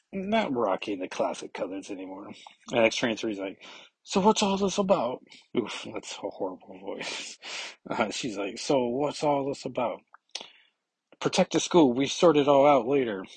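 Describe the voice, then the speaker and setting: A man's voice: fairly low pitch, slightly rough, no room sound. A man casually recapping a comic book issue, rambling with many fillers and self-corrections.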